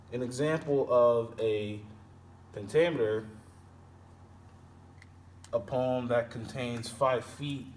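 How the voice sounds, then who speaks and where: A man teaching poetry meter, explaining slowly with pauses and self-corrections. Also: medium pitch. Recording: distant mic with faint background noise.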